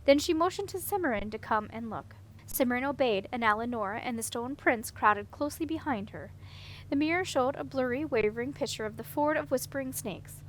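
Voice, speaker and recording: A woman narrating a fantasy children's novel as an audiobook reader, steady and even. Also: high-pitched, brisk, slight background noise, poor audio. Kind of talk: storybook narration.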